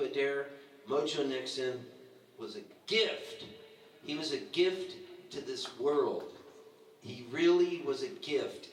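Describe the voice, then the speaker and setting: A man in his sixties tells lively stories at a roast and acts out what others said, laughing as he goes. His voice sits fairly high for a man. He is recorded from a distance in an echoey bar with steady background noise. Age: 60s. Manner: animated, laughing storyteller who acts out quotes. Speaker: roast speaker. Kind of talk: storytelling tribute at a live roast. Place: bar with a live audience.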